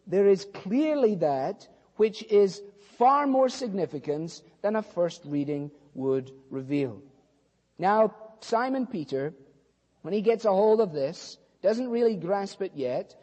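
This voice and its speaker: A man preaching a sermon, animated as he acts out dialogue between biblical figures. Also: high voice. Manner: animated storytelling, acting out dialogue. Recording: long reverb of a hall.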